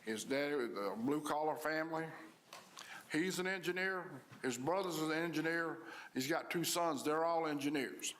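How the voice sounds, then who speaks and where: A man's voice: fairly high pitch, fairly bright tone. Folksy man telling stories. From Louisiana. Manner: storytelling, down-to-earth, halting restarts. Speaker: public service commissioner. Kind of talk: folksy speech at a public meeting.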